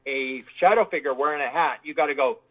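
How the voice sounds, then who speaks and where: A man's voice: a little high, fast. Rambling man on a tinny line. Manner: rambling, repeats words, acts out quoted voices. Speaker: guest researcher. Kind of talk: casual interview storytelling.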